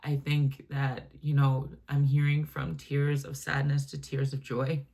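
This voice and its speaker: A woman giving a channeled spiritual reading, speaking gently and affectionately in a meandering way with many fillers and restarts. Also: very deep voice, little pitch movement, a little slow, creaky. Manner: gentle, affectionate, addresses listener as my love and baby; meandering, filler-heavy, self-correcting. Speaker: channeled message reader.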